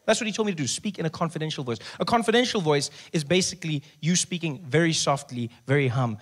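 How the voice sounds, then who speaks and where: A man from South Africa performing a stand-up comedy set, telling stories with lively character voices and sudden soft passages. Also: on the high side, fast, hardly any pauses. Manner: animated storytelling, acts out characters, drops into soft voice. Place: live comedy venue with audience.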